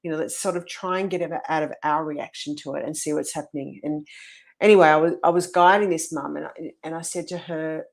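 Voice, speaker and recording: Earnest, lower-pitched woman telling a coaching story. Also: fairly even intonation, brisk, gravelly. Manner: earnest, storytelling, restarts phrases. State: slightly husky voice this morning. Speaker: mothers' coach. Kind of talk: conversational coaching talk.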